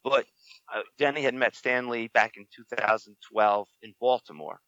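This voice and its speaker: A man's voice: mid-range voice, steady tone, normal speed, bright, forceful tone, dry recording, lo-fi sound. A middle-aged man chatting as a podcast co-host, telling stories about himself in a wry, self-deprecating way. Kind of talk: casual chat.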